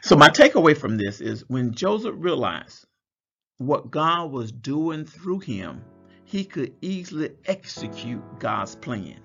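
A man's voice: medium pitch, big pitch swings, slow, vocal fry, a bit bright, husky, lo-fi sound, faint music behind. A man preaching a Bible study sermon, reading scripture aloud and explaining it, drawing out words for emphasis.

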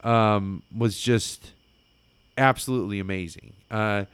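A man telling a story in casual chat, excitable and rambling, full of fillers. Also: on the low side, slow pace, clear, resonant tone, dry recording.

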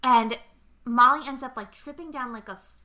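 A woman's voice: high voice, normal speed, pushed and bright. A young woman co-hosting a podcast, casually and animatedly retelling film scenes with lots of fillers. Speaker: podcast co-host.

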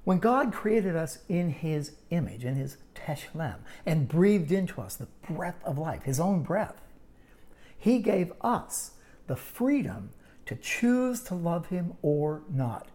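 A woman teaching a Bible lesson in sermon style, storytelling with dramatic pauses and wry asides. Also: fairly low pitch, big pitch swings, dark tone.

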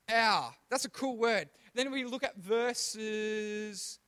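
A man's voice: extremely high pitch, slow, few pauses, a bit bright, smooth. A young man giving a casual, chatty sermon to children, often asking the room questions and laughing at his own slips. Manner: chatty, self-deprecating, stumbles and restarts, asks the room questions. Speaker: youth pastor.

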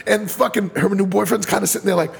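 A man's voice: high voice, fairly even intonation, fast, vocal fry, big-room sound, a little hiss or hum. A man telling a rambling, profane story in a casual chat, with lots of restarts. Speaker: podcast co-host telling a bar story.

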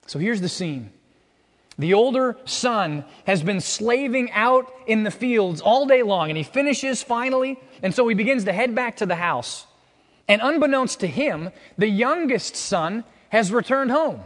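A male pastor delivers an expository sermon, reading scripture and asking rhetorical questions. His voice sits fairly high for a man. The sound carries the long reverb of a church hall. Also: very animated, a little slow, a bit bright.

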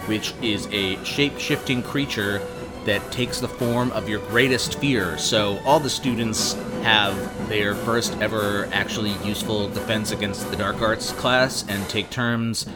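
A man co-hosting a podcast, chatting casually, rambling and swearing enthusiastically. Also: lowish voice. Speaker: podcast co-host. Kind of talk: casual chat.

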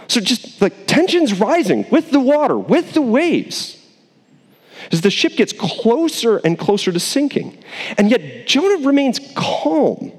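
A male pastor preaching a sermon in a casual, animated way, acting out the characters in quick voices. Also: high voice, long reverb tail.

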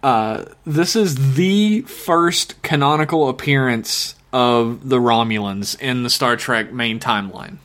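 A man's voice: medium pitch, takes it slowly, few pauses, a bit bright. A man co-hosting a casual podcast, joking and swearing freely as he talks. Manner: profane, joking, laughs often. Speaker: podcast co-host.

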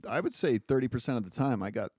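Teasing man with a lively voice. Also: medium pitch, quick pace, no echo. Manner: teasing, dry wisecracks. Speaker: podcast co-host. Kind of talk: casual chat.

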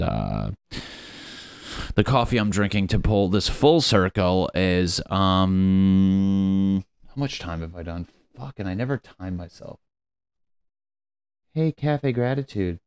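A man's voice: sits low, lively intonation, a little slow, creaky, pauses often, darkish tone, no room sound. A man hosting his own show, ranting in a rambling, profane, mocking way on his lunch break. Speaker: podcast host. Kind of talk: casual comedic rant.

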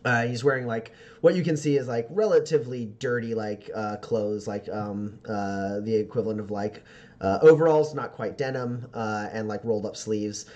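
A man narrating as game master, halting and full of fillers, who laughs often. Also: fairly low pitch, a little mellow, dull audio.

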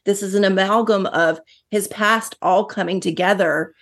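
A woman's voice: mid-range voice, steady tone, normal speed, a bit bright. Woman earnestly defending her view. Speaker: podcast panelist. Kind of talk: casual film discussion.

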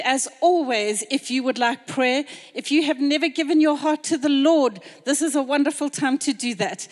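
A woman closing a church service with encouraging, conversational remarks. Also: high-pitched. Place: church hall. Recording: church hall with long reverb.

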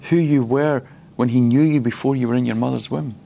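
A man's voice: mid-range voice, fairly even intonation, fairly quick, creaky, dark tone. A man preaching at a ministry school, personal and reflective, often laughing between points.

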